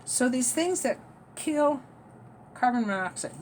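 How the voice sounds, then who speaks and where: A woman's voice: sits high, lively intonation, unhurried, a little mellow, slight background noise. A woman vlogger talking in a rambling, emphatic monologue that trails off and restarts. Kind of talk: rambling spiritual-political monologue.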